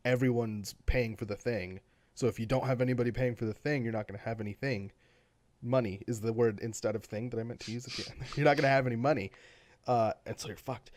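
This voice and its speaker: A man co-hosting a gaming podcast in casual, rambling chat. His voice sits at a middle pitch and is recorded dry and close, with no room sound. He keeps circling back with fillers and restarts. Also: steady tone, quick pace, a little mellow, no echo. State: has the hiccups. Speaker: podcast co-host.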